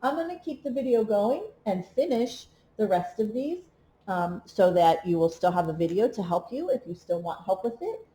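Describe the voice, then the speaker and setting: A woman teaching a remote preschool lesson, reading, counting and chanting rhymes in a slow, encouraging way. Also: mid-range voice, lively intonation, mellow. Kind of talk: remote read-along lesson for young children.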